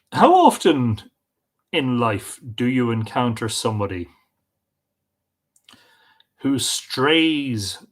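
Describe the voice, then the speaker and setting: Irish male host, husky voice, easygoing off-the-cuff livestream chatter. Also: medium pitch, fairly bright tone. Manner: chatty, off the cuff, greets viewers. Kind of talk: casual livestream chat. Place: home with bookshelves.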